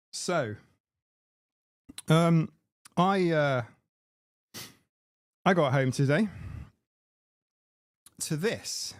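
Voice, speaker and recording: A man's voice: mid-range voice, no echo, clean studio sound. A man hosting a casual live stream, chatting in a rambling way and laughing at his own jokes. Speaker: livestream host. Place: home room. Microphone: desk mic with mixer.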